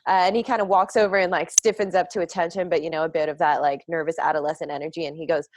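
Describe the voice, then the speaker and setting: A woman with a lowish voice runs a tabletop game as game master. She describes the scene in a loose, chatty way with plenty of fillers. The sound is dry and close. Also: steady tone, rapid-fire, few pauses, no echo.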